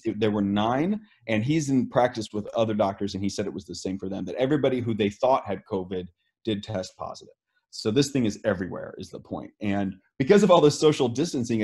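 A man's voice: fairly low pitch, animated, brisk, a little mellow, husky. A man, speaking as an interviewed scientist, explaining earnestly with many fillers and restarts. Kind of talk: video call interview.

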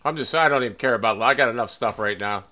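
A man's voice: medium pitch, quick pace, sharp tone. A man streaming a shooter game, ranting angrily and swearing as he plays. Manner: angry, ranting, swearing, muttering. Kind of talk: live game streaming commentary.

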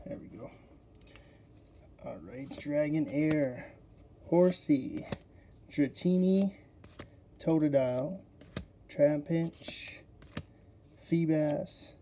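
Excitable man with a very dark, mellow voice. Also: on the high side, slow, pauses often, slight background noise. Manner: excitable, chatty, talks straight to viewers. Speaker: card-opening video host. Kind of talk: casual unboxing commentary.

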